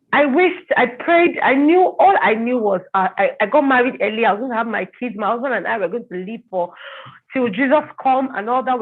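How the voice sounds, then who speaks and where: A higher-pitched woman gives an emotional personal testimony, halting and repeating herself as feeling rises. Her voice comes through thin and phone-like. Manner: halting, repeats words when upset. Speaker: interview guest. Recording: tinny phone-like line.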